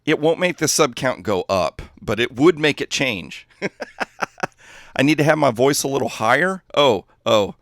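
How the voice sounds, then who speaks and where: A man's voice: mid-range voice, lively intonation, unhurried, a bit bright, no room sound, clean studio sound. A man chatting casually while livestreaming a game, rambling and easily distracted, often laughing at his own jokes. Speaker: gaming livestreamer.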